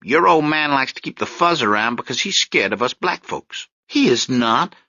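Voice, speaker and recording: A man's voice: mid-range voice, expressive, moderate pace, bright, forceful tone, no room sound, lo-fi sound, pitched above the performer's own voice. A male audiobook narrator voicing a wry young man who is a law student and street-corner activist, teasing and lecturing in an emphatic way.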